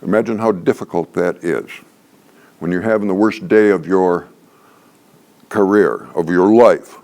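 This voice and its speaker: A man's voice: sits low, a little slow, vocal fry, a little mellow. An older man leading a training workshop, teaching in a folksy, joking way and repeating his key points for emphasis. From Canada. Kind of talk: workshop lecture.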